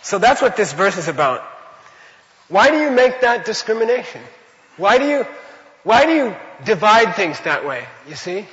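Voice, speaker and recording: A man's voice: high-pitched, very animated, moderate pace, fairly bright tone. New guy giving a buddhist talk, chatty and repetitive, muffled echoey hall recording. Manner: conversational, repetitive, with rhetorical questions. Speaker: Buddhist teacher. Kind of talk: teaching a dharma class.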